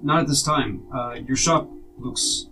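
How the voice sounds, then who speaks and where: A male player speaking in character at a tabletop game, formal and measured. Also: mid-range voice, music in the background, low-quality recording. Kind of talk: in-character tabletop role-play.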